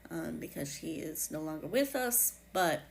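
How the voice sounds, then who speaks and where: A woman with a New England accent hosting her own podcast, reflecting in a casual, halting way with many fillers and restarts. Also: low-pitched, expressive, gravelly. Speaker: podcast host.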